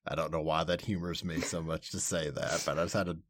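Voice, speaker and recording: A man's voice: extremely low pitch, steady tone, quick pace, no echo, studio quality. A man co-hosting a podcast, chatting casually in a wry, blunt, amused way. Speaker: podcast co-host.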